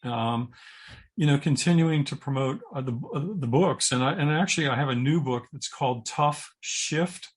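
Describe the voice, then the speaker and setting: Middle-aged male guest, husky tone, earnest and halting, reflective interview talk. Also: mid-range voice. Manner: earnest, halting, repeats words while thinking. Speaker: guest, purpose coach and speaker. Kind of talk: interview conversation.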